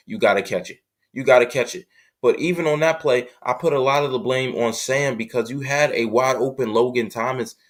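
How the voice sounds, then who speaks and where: Fed-up man ranting about his team. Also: mid-range voice. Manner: frustrated, repetitive, emphatic. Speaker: sports show host. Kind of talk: fan commentary rant.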